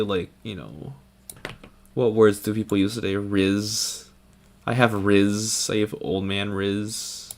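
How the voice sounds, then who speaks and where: Speaking slowly in a lowish voice with little pitch movement, a young VTuber artist rambles goofily as he sketches his own avatar. His casual drawing commentary is full of self-deprecating humor.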